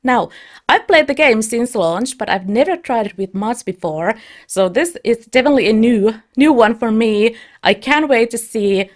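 A woman hosting a let's play, chatting in a bubbly, excitable way as she starts a new game. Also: a little high, normal speed. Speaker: let's play streamer and host. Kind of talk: casual gameplay commentary.

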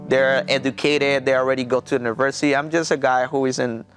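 With a Mexican Spanish accent, a Mexican pastor gives his testimony in an interview, his non-native English halting and full of fillers and restarts. The voice is mid-range and a little bright, with little pitch movement, and faint music can be heard in the background.

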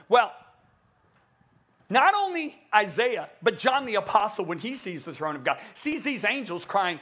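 Animated, high-voiced man preaching a sermon. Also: moderate pace. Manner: animated, emphatic, acts out quotes with big pitch swings. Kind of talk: conference sermon.

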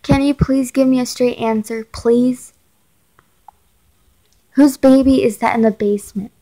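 A woman's voice: fairly high pitch, steady tone, measured pace, warm tone, low-quality recording. A woman reading as a frightened teenage girl. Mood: scared. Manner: frightened, pleading questions. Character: anxious teenage girl texting her mother. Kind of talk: reading a chat story aloud.

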